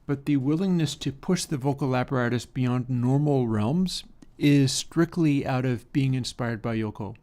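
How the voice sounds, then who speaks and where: A man's voice: mid-range voice, moderate pace, hardly any pauses, mellow, a little hiss or hum. A man streaming casual commentary while music plays, enthusiastic with rambling asides. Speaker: streamer discussing music mixing. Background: music playing.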